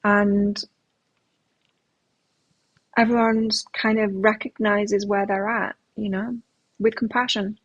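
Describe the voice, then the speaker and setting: A woman's voice: medium pitch, little pitch movement, takes it slowly, long pauses, no room sound, muffled recording. A middle-aged woman hosting a live tarot stream, chatting casually and telling rambling anecdotes between readings.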